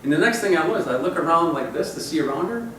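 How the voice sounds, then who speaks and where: A man in his forties leading a company gives his staff a motivational talk full of personal stories, rambling conversationally and repeating phrases for emphasis. His voice is on the high side, fairly bright, lively and fast. His voice sits far from the mic in an echoey room, with a little hiss or hum.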